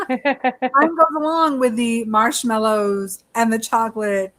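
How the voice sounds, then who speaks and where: A woman's voice: fairly high pitch, fairly even intonation, slow, a bit bright. A woman co-hosting a casual beauty review, chatty, laughing often and swearing freely. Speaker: beauty channel co-host. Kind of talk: casual chat product review.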